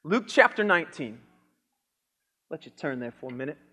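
Male pastor, high voice, animated sermon, long echoing hall reverb. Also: normal speed, breathy edge. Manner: animated, acts out the king's lines with shouts.

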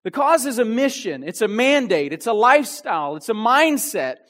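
A man's voice: very high-pitched, big pitch swings, normal speed, a bit bright. A man preaching a youth sermon with energy, full of restarts and asides. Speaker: youth pastor.

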